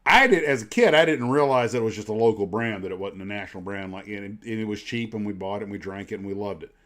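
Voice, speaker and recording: A man's voice: lowish voice, quick pace, a bit bright. A middle-aged man from the United States hosting a livestream, telling rambling nostalgic stories full of asides. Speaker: livestream host. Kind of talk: casual chat.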